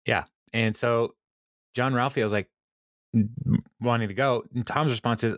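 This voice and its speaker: A man's voice: medium pitch, fairly even intonation, measured pace, a bit bright, no room sound, clean studio sound. A man hosting a podcast, retelling a TV episode in casual chat, laughing often and acting out the quotes. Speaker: podcast host.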